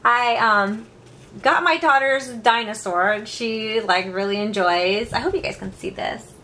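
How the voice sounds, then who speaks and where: Woman, 30s, home craft vlogger; bright, chatty, giggly, self-deprecating, recorded on a camera mic with faint hiss. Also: fairly high pitch, measured pace. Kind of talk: casual chat.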